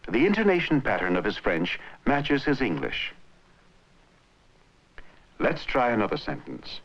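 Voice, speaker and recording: A man narrating an educational film in a clear, measured way. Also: mid-range voice, wildly swooping pitch, a bit bright. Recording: muffled old film soundtrack.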